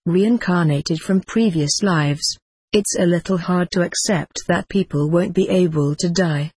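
A text-to-speech voice narrating an audiobook with a flat, even synthetic delivery. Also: mid-range voice, slightly rough, no room sound.

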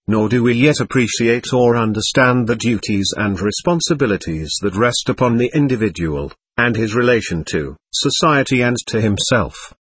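A man narrating an audiobook in a measured, even reading style. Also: medium pitch, husky, no echo.

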